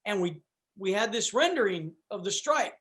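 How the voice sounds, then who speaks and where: A man's voice: sits high, sing-song, normal speed, fairly bright tone. A man, a guest on a chat show, telling a long personal story in a loose, rambling way, full of restarts and asides. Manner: rambling, with restarts and "you know". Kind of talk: casual storytelling.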